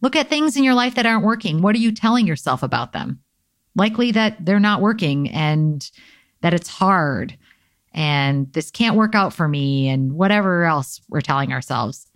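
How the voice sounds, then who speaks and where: A woman's voice: lowish voice, expressive, normal speed, no room sound, clean studio sound. A young adult woman hosting a casual spiritual self-help talk, candid and conversational with frequent likes and ums. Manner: candid, conversational, uses filler "like" and "um".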